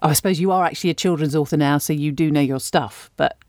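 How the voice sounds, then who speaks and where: Low-voiced enthusiastic woman interviewer. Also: fast, darkish tone, no echo, clean studio sound. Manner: appreciative, enthusiastic questioning. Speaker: interviewer, host. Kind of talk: casual interview.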